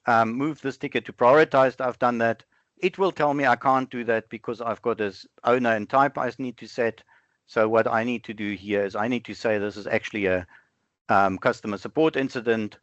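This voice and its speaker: A man presenting a live software demo over an online webinar, thinking aloud in a conversational way and often correcting himself. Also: on the low side, dry recording. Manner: conversational, self-correcting, halting fillers. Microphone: online webinar with screen sharing. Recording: dull, dry lo-fi online call audio.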